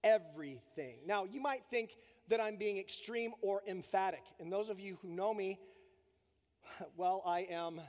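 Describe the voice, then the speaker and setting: Male pastor, high voice, extreme and emphatic sermon delivery, reverberant sanctuary sound. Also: steady tone, a little slow, a little mellow. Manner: emphatic, preaching with strong build-ups and drops. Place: church sanctuary. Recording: long reverb of a church hall.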